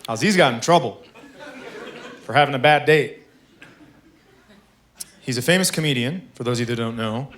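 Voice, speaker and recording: A man's voice: medium pitch, moderate pace, long pauses, a bit bright, slight background noise. A man performing a stand-up comedy set, telling stories in a dry, conversational way.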